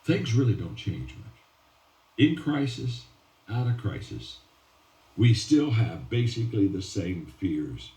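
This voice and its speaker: A man's voice: lowish voice, very animated, slow pace, mellow. A man giving a motivational talk with stories, stressing and repeating key phrases and restarting his sentences often. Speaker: motivational speaker. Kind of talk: motivational speech with storytelling. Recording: roomy and distant from the mic.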